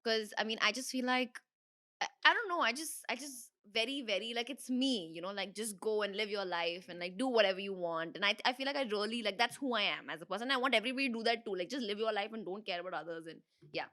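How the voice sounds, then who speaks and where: A bright, forceful voice from a young Indian woman chatting as an interview guest. She talks in quick bursts full of fillers, giggles and restarts, with a slightly hoarse throat. Her pitch sits mid-range for a woman. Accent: Indian English. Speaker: interview guest, dancer and creator. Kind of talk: casual rapid-fire interview chat.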